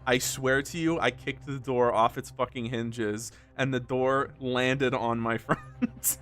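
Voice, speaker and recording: A man's voice: medium pitch, fairly even intonation, takes it slowly, a bit bright. A young man streaming a game, chatting casually and telling a rambling story with frequent laughter. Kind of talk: casual let's-play chat.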